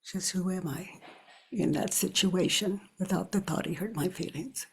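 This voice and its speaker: An older woman leading a guided self-inquiry, talking slowly and reflectively with pauses and often sinking to a near whisper. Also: on the low side, breathy edge. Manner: thinks aloud with pauses. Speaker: spiritual teacher.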